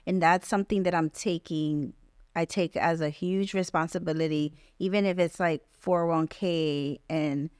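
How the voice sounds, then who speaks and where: A woman real estate agent talks earnestly on a podcast and often restarts her sentences as she pushes a point. Her voice sits a little low. The recording is dry and close. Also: fairly even intonation, moderate pace, darkish tone, clean tone, no echo. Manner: earnest and emphatic, with many restarts. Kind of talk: casual podcast interview.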